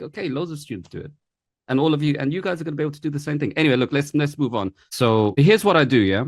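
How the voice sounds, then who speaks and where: A man teaching a live online lesson, talking fast and casually and checking in with "right?" after nearly every point. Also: medium pitch, dry recording, clean studio sound. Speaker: English tutor.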